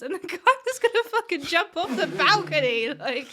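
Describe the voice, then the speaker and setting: Woman, young adult, high pitch, bright tone, giggly, hesitant, casual podcast chat. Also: animated, moderate pace, hardly any pauses. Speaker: podcast co-host.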